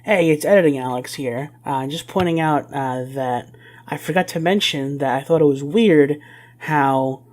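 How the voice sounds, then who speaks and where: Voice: mid-range voice, moderate pace, darkish tone. A co-host in a casual review chat, talking hesitantly with fillers and restarts. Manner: hesitant, many fillers and restarts, mock-dramatic when quoting. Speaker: podcast co-host.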